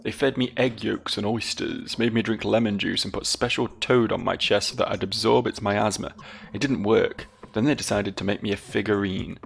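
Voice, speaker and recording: A man's voice: lowish voice, fairly even intonation, moderate pace, gravelly. A British man voicing a theatrical woman, a fallen caravan singer, reading her lines in a dramatic, mournful way.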